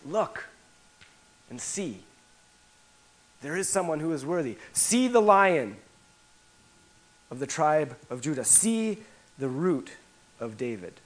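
A man preaching a sermon, his voice sitting a little high for a man. He drops to near-hushed lines, then rises to emphatic repetition, often restarting a phrase before pushing on. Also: poor audio. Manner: dramatic swings between hushed and emphatic; repeats phrases, frequent restarts. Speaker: pastor.

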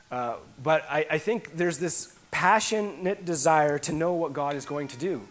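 A man preaching a sermon, his voice sitting a little high for a man. He drops to near-hushed lines, then rises to emphatic repetition, often restarting a phrase before pushing on. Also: lively intonation, normal speed, hardly any pauses, low-quality recording. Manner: dramatic swings between hushed and emphatic; repeats phrases, frequent restarts. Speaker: pastor.

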